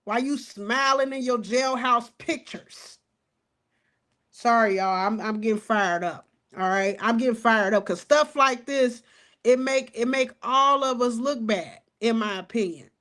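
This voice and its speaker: A woman in her forties giving fired-up casual commentary on a crime case, outspoken and animated, talking straight to her viewers and cussing as she goes. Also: fairly high pitch, a little slow. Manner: animated, outspoken, cusses and addresses viewers as y'all.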